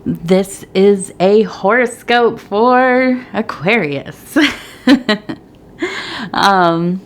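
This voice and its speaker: A middle-aged woman reading tea leaves in a soft ASMR chat, slightly out of breath, rambling and sometimes whispering. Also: medium pitch, slight background noise. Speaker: tea leaf reader.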